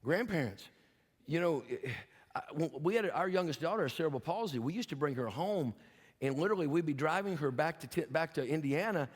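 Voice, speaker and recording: An older male pastor delivers a sermon in a somewhat high voice, swinging between folksy, humorous storytelling and earnest, emphatic exhortation. His voice rings out with a long reverb that trails off through a church sanctuary. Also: animated, brisk, breathy edge.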